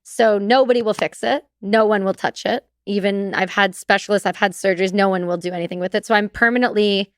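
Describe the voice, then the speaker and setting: A woman speaking as a podcast guest, telling her story in an animated, casual way and swearing freely. Her voice is smooth and clear at a mid pitch. The recording is close and dry. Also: a little fast, few pauses, dry recording.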